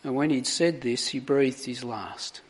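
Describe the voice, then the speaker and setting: A man preaching a sermon, reading scripture aloud with dramatic emphasis on the quoted words before reflecting on them. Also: medium pitch. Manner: slow, deliberate, dramatic emphasis on quoted lines.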